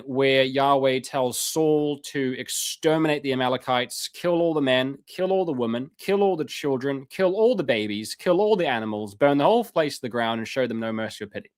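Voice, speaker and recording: A man's voice: mid-range voice, normal speed, hardly any pauses, clean tone. A man giving a live-stream lecture in an impassioned, sarcastic way, with many fillers and restarts.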